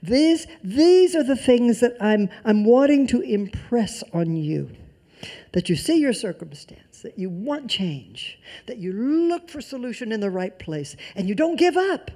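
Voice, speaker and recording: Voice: mid-range voice, sing-song, a little slow. Preacher repeating phrases for emphasis. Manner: emphatic repetition of key phrases; swings between loud emphasis and soft near-whispers. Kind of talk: sermon.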